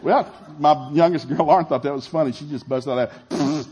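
A middle-aged man preaching a sermon, telling a family story with animated, shouted retellings. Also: a little high, brisk, husky. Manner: animated, shouting in acted-out scenes, laughing. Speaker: pastor.

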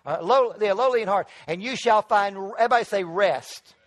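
A middle-aged male pastor preaching a sermon in church, calling on the congregation to answer back and building to loud emphatic peaks. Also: high voice, fairly quick. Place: church sanctuary.

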